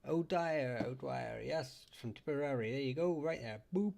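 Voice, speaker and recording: A man's voice: mid-range voice, moderate pace, creaky, darkish tone. A man with a Northern Irish accent hosting a casual live chat, rambling and laughing often as he talks. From Northern Ireland. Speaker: livestream host.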